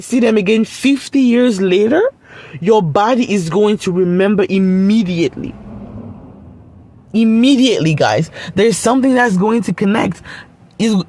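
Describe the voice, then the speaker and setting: A woman's voice: mid-range voice, mellow. A woman recounts a personal story in a casual vlog, blunt and emphatic, swearing freely as she drives her point home. Her voice is recorded close and dry, with no echo around it.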